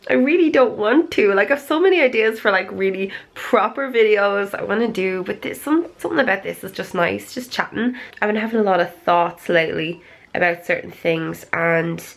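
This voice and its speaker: A woman's voice: medium pitch, fairly quick, gravelly. Chatty woman vlogging at home. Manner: chatty and confiding, rambling in asides. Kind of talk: casual chat to camera. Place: at home indoors at night.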